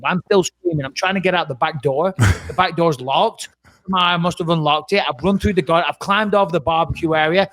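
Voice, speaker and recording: A middle-aged man with a fairly high voice tells a story on a podcast mic. He talks in a lively, dramatic way and swears freely. The sound is close and dry. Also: no room sound. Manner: animated, swearing, dramatic retelling. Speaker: podcast co-host. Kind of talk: casual storytelling.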